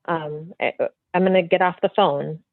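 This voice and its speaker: A woman medium, a podcast guest, telling a story in a free-flowing, animated way full of fillers. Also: on the low side, moderate pace, no room sound. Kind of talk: casual storytelling in an interview. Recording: tinny phone-like line, dry.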